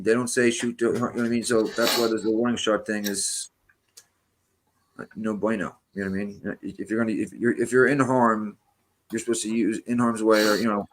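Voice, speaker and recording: Fast-talking low-voiced man, emphatic. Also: slight background noise. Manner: emphatic, peppers talk with "you know what I mean". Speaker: panel guest. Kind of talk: casual panel discussion.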